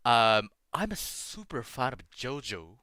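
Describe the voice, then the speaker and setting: A man chatting as a guest on a stream, excitable, laughing loudly and talking with many fillers. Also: medium pitch, a little slow, dry recording, studio quality. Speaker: guest Vtuber. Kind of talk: casual collab stream chat.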